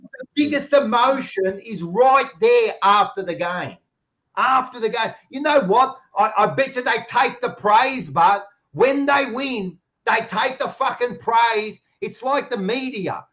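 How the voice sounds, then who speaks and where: A man's voice: very high voice, unhurried, fairly bright tone. An Australian man in a heated casual debate, blunt and combative, calling everyone mate. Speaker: podcast panelist. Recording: dull lo-fi sound.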